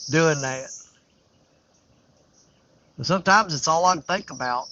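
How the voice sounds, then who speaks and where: A man's voice: on the high side, unhurried, pauses often, sharp tone. An older man hosting a fishing livestream, talking in a folksy, rambling, candid way outdoors on a riverbank. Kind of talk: casual live-stream chat. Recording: dull lo-fi livestream audio.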